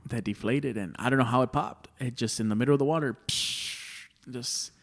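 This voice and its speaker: A man's voice: mid-range voice, fairly quick, vocal fry. A man in his thirties, a comedian guest, rambling through stories in casual chat, cursing freely and calling everyone "dude.". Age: 30s. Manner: rambling storyteller, swears a lot, says "dude" often.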